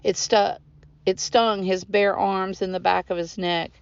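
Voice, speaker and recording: A woman author reads her own novel aloud in a steady, measured voice. Her tone is smooth and clear, recorded dry and close. The recording sounds a little dull, with a lo-fi edge. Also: mid-range voice, no echo.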